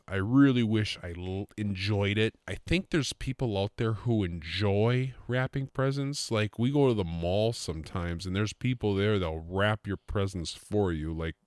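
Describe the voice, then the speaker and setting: In a dry, clean studio recording, a podcast host with a fairly low voice delivers an unhurried solo monologue with few pauses. He rambles, cracks jokes, and frequently interrupts himself mid-sentence.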